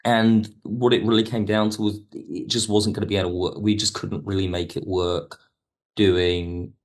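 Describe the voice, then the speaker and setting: Low-voiced man recalling a production. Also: little pitch movement, moderate pace. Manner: rambling, thinks aloud with restarts and hedges. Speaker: audio drama writer and producer. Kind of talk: interview conversation.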